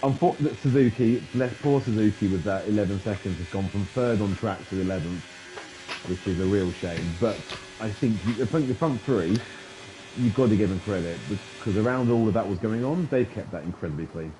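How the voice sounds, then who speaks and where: A man's voice: fairly low pitch, fairly quick. A man giving casual, joking post-race commentary on a league race, with the odd swear. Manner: animated, jokey, swears casually. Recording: echoey room with noise.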